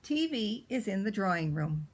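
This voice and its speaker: A woman voicing a precocious, spoiled little girl as she reads a storybook in character, with a pert, drawn-out way of stressing words. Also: medium pitch, big pitch swings, poor audio.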